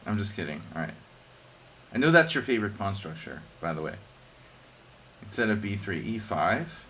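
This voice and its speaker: Chatty low-voiced man streaming chess. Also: big pitch swings, normal speed, pushed and bright, slight background noise. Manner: chatty, joking, thinks aloud over moves. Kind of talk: casual live-stream commentary.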